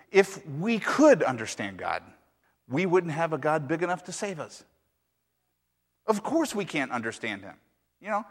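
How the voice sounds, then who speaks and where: A middle-aged male pastor preaching and telling a parable, dropping soft and slow then rising loud and high for emphasis. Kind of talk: sermon with storytelling. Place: church sanctuary. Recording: long reverb of a large hall.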